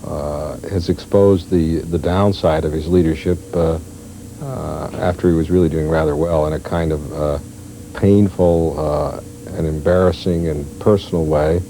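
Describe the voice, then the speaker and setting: Man, correspondent, very deep, dark tone, halting, fillers, remote link. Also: steady tone, slight background noise, rough recording. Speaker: newspaper correspondent. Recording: remote link, 1980s broadcast tape.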